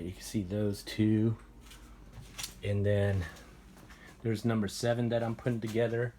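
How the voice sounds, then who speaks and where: A man casually telling a story and showing off his guitars at home, rambling and animated. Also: fairly low pitch, roomy sound. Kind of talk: casual storytelling and show-and-tell. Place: room at home, guitar workshop.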